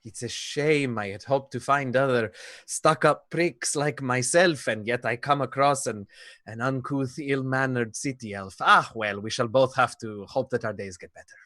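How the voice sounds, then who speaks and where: A man's voice: medium pitch, normal speed, fairly bright tone, dry recording, close to an everyday voice. A man voicing a young male elf mage who is polite and prim but trades dry barbs, often faltering and restarting. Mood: mocking.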